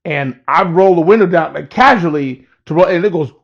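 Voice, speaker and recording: A man with a gravelly, somewhat high voice tells a personal story in a loose, laid-back way, swearing freely. The recording is dull and lo-fi. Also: a little fast. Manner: profane, laid-back, laughs at his own story. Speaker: rapper telling a personal story. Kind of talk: casual storytelling.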